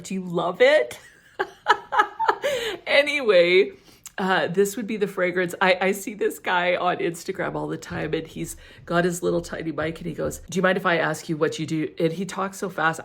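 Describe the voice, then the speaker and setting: Brief: middle-aged woman, relaxed review chatter, slightly low, gravelly fry, giggly and effusive. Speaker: fragrance reviewer. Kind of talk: casual product review.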